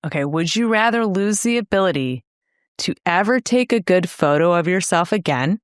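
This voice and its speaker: A young woman co-hosting a podcast with low, teasing delivery. She jokes and riffs in casual chat. The sound is dry and close, with no room echo. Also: animated, moderate pace. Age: young adult. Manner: playful, teasing banter. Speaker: podcast co-host.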